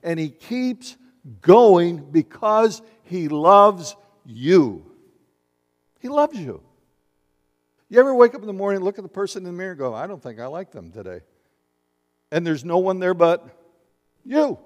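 A man preaching a sermon in a lively, conversational way, asking the congregation questions and acting out little voices. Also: sits high, measured pace, pauses often. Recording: long hall reverb.

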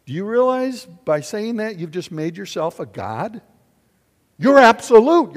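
An older man preaching a sermon in a church, animated and questioning his congregation. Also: sits high, measured pace. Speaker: pastor. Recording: long hall reverb.

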